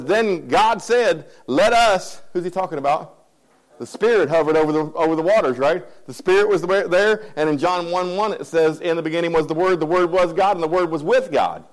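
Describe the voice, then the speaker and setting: A man's voice: on the high side, low-quality recording. A male pastor giving a conversational sermon, often repeating phrases and asking the congregation if they follow him. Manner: keeps checking in with the congregation.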